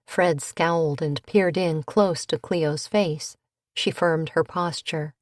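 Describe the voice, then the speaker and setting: Woman, audiobook narrator, unhurried pace, lowish voice, dry close sound. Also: fairly even intonation, a little mellow, no room sound. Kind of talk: scripted narration.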